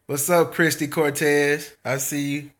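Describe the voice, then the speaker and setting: A man's voice: on the high side, little pitch movement, a little slow, fairly bright tone. A man, chatting and joking casually with viewers on his channel, laughing often. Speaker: small business owner and channel host. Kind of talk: casual live-stream chat with viewers.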